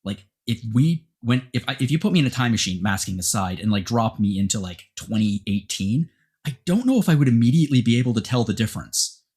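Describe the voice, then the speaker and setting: A man hosting a podcast, chatting casually and giving rambling, animated opinions. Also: medium pitch, fast talker, husky. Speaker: podcast host. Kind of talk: casual chat.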